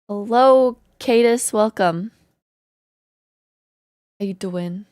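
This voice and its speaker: A woman streamer chatting casually with her viewers, greeting them and laughing often, her voice slightly hoarse. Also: mid-range voice, measured pace, pauses often, no room sound, studio quality. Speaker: live streamer. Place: home in Canada.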